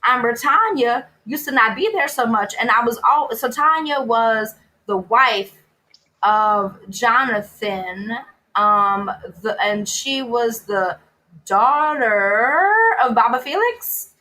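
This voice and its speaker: A woman, a guest telling wry, animated stories in casual chat. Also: a little high, slow pace, rough recording. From New Orleans, USA. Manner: animated, wry, laughing asides. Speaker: guest, food writer.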